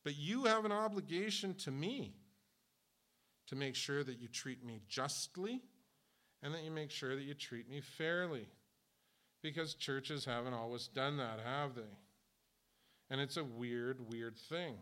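A man's voice: medium pitch, a little slow, pauses often, a bit bright. A man in his fifties preaching a sermon as a church pastor, flippant and a little sarcastic, talking off the cuff. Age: 50s.

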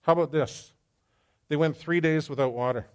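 A man, a pastor preaching a sermon to a live congregation, telling stories with lively swings in his voice and quizzing his listeners. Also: on the high side, normal speed, clean tone. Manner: animated storyteller who quizzes the congregation. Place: church hall with live audience.

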